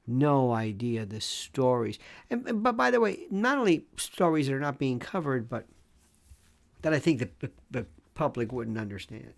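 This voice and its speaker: Gravelly, animated older man ranting. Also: fairly high pitch, measured pace, long pauses. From Florida. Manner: animated, sarcastic, drops to mock whispers. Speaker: legal commentator and talk host. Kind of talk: solo monologue to camera.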